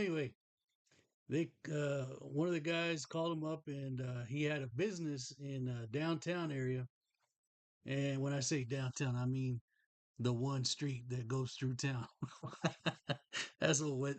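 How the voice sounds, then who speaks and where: A man's voice: mid-range voice, no echo. Folksy rambling man. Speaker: podcast host. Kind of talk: casual show-and-tell chat.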